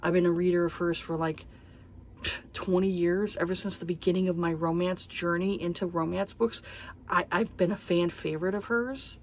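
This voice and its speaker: A woman's voice: lowish voice, steady tone, normal speed, darkish tone, a little hiss or hum. A woman in her thirties vlogging about books in a heated, profane, exasperated casual rant. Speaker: book vlogger. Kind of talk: casual ranting monologue.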